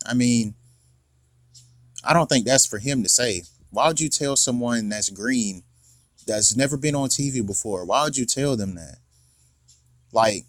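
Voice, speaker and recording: Hosting a casual reaction video, a man argues his point with slangy questions he keeps repeating. His voice is medium-pitched and fairly bright, with no room sound.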